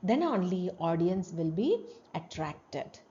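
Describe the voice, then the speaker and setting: In a muffled recording, a woman teaching a class explains terms in a slow, sing-song voice, frequently adding "you know." She shows the tones by varying her pitch and volume.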